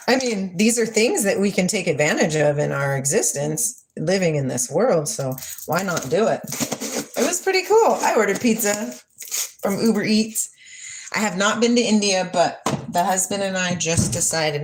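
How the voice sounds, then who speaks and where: A woman's voice: on the low side, noisy background. Forty-something woman livestreaming, drifty and playful, voice swings all over the place. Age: 40s. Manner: rambling, dreamy and playful, reads chat comments aloud. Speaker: livestream host. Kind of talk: casual chat with live chat.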